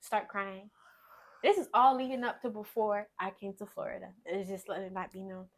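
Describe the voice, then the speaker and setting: A woman recounts her own hard experience as a testimony. She talks in a rambling, halting way, stopping and restarting as she goes, in a voice of middling pitch. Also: flat delivery. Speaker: guest sharing her testimony. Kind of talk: emotional personal testimony.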